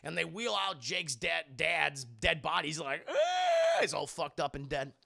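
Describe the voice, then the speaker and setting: A young man recapping a show on a live stream, profane and animated, talking to his chat. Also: fairly high pitch, normal speed, vocal fry, no room sound, studio quality.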